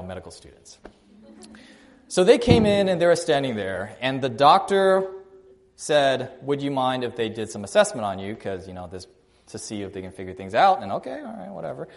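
A man delivers a sermon as if chatting with his listeners. His voice sits a little on the high side, and he tells stories, speeding up and slowing down and getting louder and softer to make his points. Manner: conversational, storytelling, varies loudness and pace for emphasis. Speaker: preacher. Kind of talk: sermon with a personal story.

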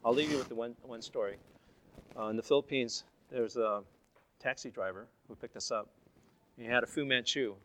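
A man presents at a seminar, telling stories from his slides in a chatty, conversational way and often restarting his sentences. His voice is mid-range, a bit bright and fairly quick, with a little hiss or hum in the recording.

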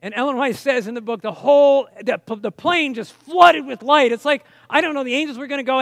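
A man's voice: very high-pitched, a little fast, gravelly, hardly any pauses, dry recording. A man preaching a personal testimony sermon, telling the story with strong emotion and frequent restarts.

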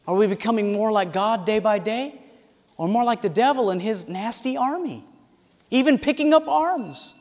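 A man delivers an animated sermon to a congregation in a high, lively voice and slips into other people's voices as he quotes them. His words ring out with a long reverb, as in a large church hall. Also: a little slow. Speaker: preacher.

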